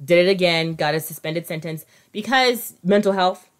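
A woman's voice: lowish voice, normal speed. A woman co-hosting a casual true crime podcast, telling the story with acted-out quotes. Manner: animated storyteller, acts out quotes. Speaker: podcast co-host.

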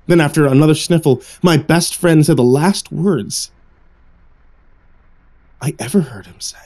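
Mellow male horror narrator. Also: fairly high pitch, a little slow. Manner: hushed, suspenseful storytelling. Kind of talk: scripted narration.

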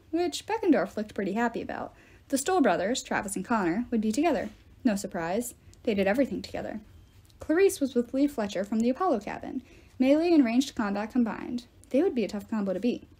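Woman reading a novel aloud, steady, higher voice, mellow tone. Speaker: reader.

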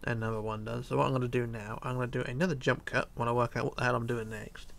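A tired, yawning man hosts a casual game tutorial, narrating a build while quietly counting blocks under his breath. His gravelly voice sits at medium pitch and moves fast, relaxed in manner and sometimes dropping almost to a whisper.

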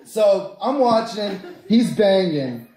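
Crude, lively young stand-up comic. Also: male voice, sits high, slow pace, reverberant. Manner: crude, animated storytelling with crowd asides. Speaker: stand-up comedian. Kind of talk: stand-up comedy set.

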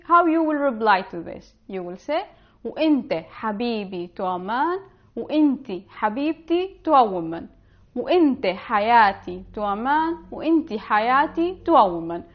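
A woman teaching an online language lesson, spelling out words slowly and carefully. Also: fairly high pitch, lively intonation, highs cut off. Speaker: Arabic teacher.

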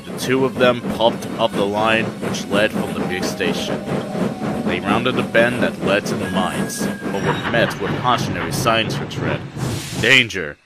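A man narrating a storybook tale in an even, measured reading voice. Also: fairly low pitch, heavy background noise. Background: music.

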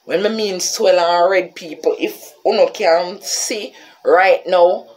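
A woman's voice: fairly low pitch, slow. A woman with a Jamaican accent telling a story on her vlog, talking to her viewers and calling them "people". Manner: animated, keeps addressing viewers as "people". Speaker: vlogger.

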